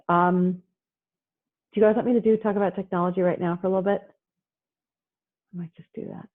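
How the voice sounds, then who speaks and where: A woman presenting on parenting in a casual talk over a video call, chatty and acting out parents and kids in quick asides. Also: fairly low pitch, husky. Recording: tinny phone-like line.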